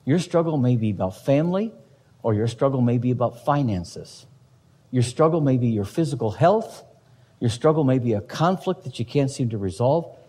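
A man's voice: mid-range voice, lively intonation, moderate pace, mellow, slightly rough. Emphatic male pastor preaching in a hall. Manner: emphatic preaching with rhetorical questions. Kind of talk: sermon.

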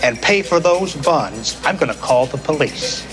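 A man's voice: on the high side, expressive, a little slow, music in the background. An actor playing a firm male assistant supermarket manager in a film, heard a little off mic. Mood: stern. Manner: firm, clipped warnings.

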